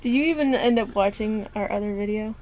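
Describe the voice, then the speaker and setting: A woman's voice: medium pitch, brisk, muffled recording, slight background noise. A young woman co-hosting a casual chat, telling stories and laughing often. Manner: laughs often, tells stories with quoted voices. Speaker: podcast co-host.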